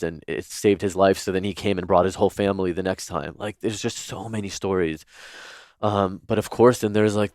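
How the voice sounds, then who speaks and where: A man's voice: low-pitched, a little mellow, smooth, dry recording, clean studio sound. A man who is a podcast guest, telling stories in a chatty, earnest way with lots of fillers like "like" and "you know.". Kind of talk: casual storytelling in interview.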